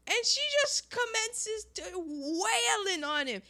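A woman with a high, bright voice that swings up and down as she eagerly recaps a movie in casual conversation. She acts out the characters' lines as she goes and laughs often. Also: slow, few pauses. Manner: animated retelling, acts out quotes, laughs often.

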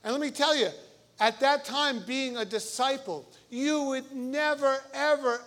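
A middle-aged priest preaching a sermon, telling stories with animated swings from loud emphasis down to a near murmur. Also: male voice, high-pitched.

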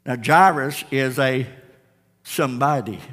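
A male pastor preaching a sermon with dramatic storytelling, swinging between shouts and hushed tones. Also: mid-range voice, a little slow. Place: church sanctuary. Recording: reverberant church hall.

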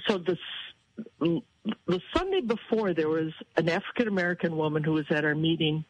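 Animated woman telling stories. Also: sits low, moderate pace, poor audio. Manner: animated storytelling, quotes others in raised voice. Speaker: guest. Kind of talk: casual chat.

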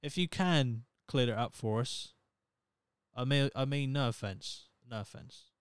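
A man in his thirties with a Norfolk English accent rambles through a solo podcast, swearing freely and poking fun at himself. His voice is smooth and clear at a middling pitch. The sound is close and dry. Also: a little slow, no room sound. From Norfolk, England. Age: 30s. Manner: rambling, profane, self-mocking. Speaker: podcast host. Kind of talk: casual solo podcast monologue.

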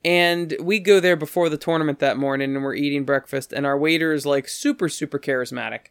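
Chatty man with a smooth, clear voice. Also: a little fast, dry recording, studio quality. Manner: rambling, acts out quoted voices with pitch jumps. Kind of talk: casual storytelling.

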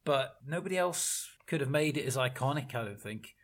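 A man's voice: medium pitch, expressive, brisk. A man on a podcast panel, chatting casually about a film with crude jokes and giggles. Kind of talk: casual film review chat.

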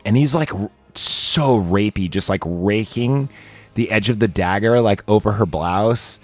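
A man's voice: fairly low pitch, moderate pace, darkish tone, faint music behind. Rambling man retelling a movie. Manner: rambling with many fillers, acting out quoted lines. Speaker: podcast host. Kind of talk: casual chat, retelling a movie scene.

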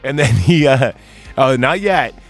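Over soft background music, a podcast co-host with a gravelly mid-range voice recaps a film in an expressive, unhurried way. His telling of the plot is casual and rambling, full of profanity and filler words.

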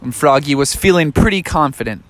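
A man's voice: a little high, animated, a little fast, fairly bright tone, no echo. A man casually making up a bedtime story for children, playful and loose with surfer slang. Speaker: parent telling a story.

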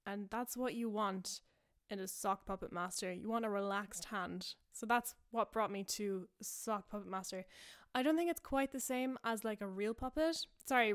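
A young woman hosting a podcast, rambling casually through a made-up story, full of fillers and self-amused asides. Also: medium pitch. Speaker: podcast host.

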